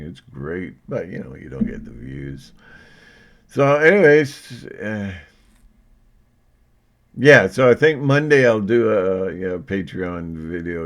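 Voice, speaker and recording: Slow, low-voiced joking vlogger man. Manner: joking, self-mocking, laughs often. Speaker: video blogger. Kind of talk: rambling casual monologue.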